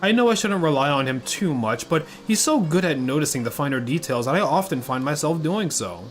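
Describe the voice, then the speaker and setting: A man's voice: fairly high pitch, animated, close to an everyday voice. A man reading a polite married woman investigator. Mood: calm. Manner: courteous, measured game dialogue reading. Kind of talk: reading game dialogue aloud. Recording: game music playing behind.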